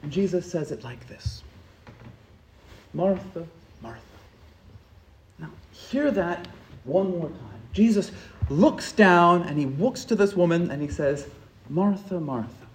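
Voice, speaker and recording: Man, pastor, sermon, high-pitched, impassioned, repetitive rhetoric, hushed to loud, reverberant church. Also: expressive, measured pace, a little hiss or hum.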